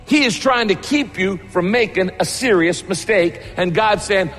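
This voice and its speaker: A man's voice: sits high, moderate pace, hardly any pauses, fairly bright tone, big-room sound, faint music behind. A man preaching a conversational, emphatic sermon, retelling a story and pressing the point home. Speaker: pastor.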